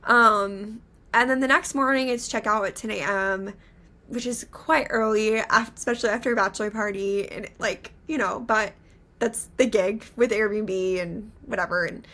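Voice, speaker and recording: A young woman co-hosting a podcast, chatting through a story in an animated way with many filler words. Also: medium pitch, normal speed. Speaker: podcast co-host. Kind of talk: casual storytelling chat.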